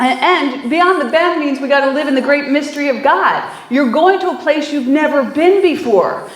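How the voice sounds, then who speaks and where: A woman minister giving a conversational sermon, telling stories with frequent fillers and easy laughter. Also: sits high. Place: small church hall. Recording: echoey room.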